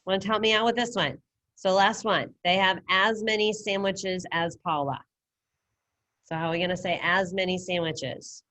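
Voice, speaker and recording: A woman's voice: mid-range voice, steady tone, normal speed, fairly bright tone, no echo. A woman teaching a Spanish class over a video call, casual and upbeat as she quizzes her students. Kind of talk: online class lesson. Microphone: computer mic on a video call.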